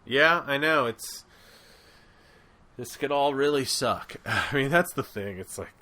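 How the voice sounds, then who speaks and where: Bright-voiced man in rambling chat. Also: medium pitch, slow pace. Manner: rambling, filler-heavy, animated. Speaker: podcast co-host. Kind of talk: casual chat.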